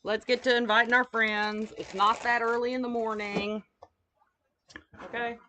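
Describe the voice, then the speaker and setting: A woman's voice: fairly high pitch, little pitch movement, a little slow, background noise. A woman with a Kentucky accent, chatting folksily with viewers while demonstrating wreath making in a live craft tutorial.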